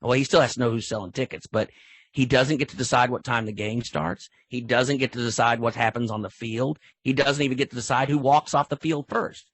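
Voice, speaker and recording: The recording is dry, and the middle-aged referee talks a little fast in a mid-range voice. Interviewed casually for a podcast, this seasoned official tells animated stories and reenacts sideline exchanges.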